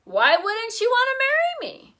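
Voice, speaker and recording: Woman putting on a high, bouncy, excitable small boy for a storybook read-aloud. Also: normal speed, heavily acted. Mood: excited.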